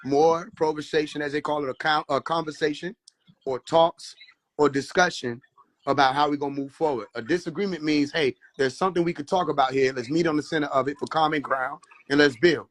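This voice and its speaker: A man hosting a casual livestream, talking in an animated, preachy way and mocking people with laughs. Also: on the high side, brisk. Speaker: livestream host. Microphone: phone.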